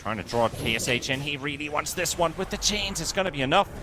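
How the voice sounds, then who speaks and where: A man casting a live esports match, calling the plays fast and joking with his co-caster. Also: on the high side, lively intonation, background noise. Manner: quick play-by-play, joking and laughing with his co-caster. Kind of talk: live game commentary.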